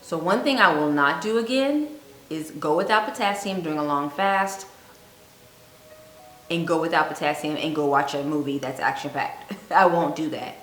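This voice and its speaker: A woman giving earnest fasting advice on her vlog, telling a personal story and repeating points for emphasis. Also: sits low, a bit bright. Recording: echoey room with faint music.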